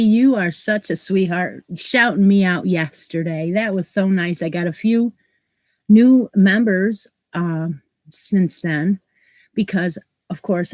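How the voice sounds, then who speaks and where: A woman's voice: mid-range voice, darkish tone, no echo. A woman hosting a crochet live stream, chatting casually and greeting viewers by name, her nose stuffed up from allergies. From New York State, US. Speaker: crochet channel host.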